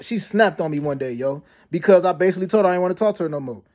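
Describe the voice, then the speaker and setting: A man ranting to camera about being lied about, talking fast with heavy slang, profanity and many restarts. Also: sits high, a little mellow. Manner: fast, repetitive storytelling with frequent restarts and "you know what I'm saying". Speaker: vlogger. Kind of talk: rambling personal rant to camera.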